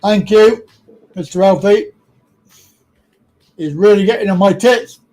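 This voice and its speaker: A man's voice: sits high, unhurried, warm tone, rough recording. A British man hosting a live stream, talking casually and bluntly with lots of swearing.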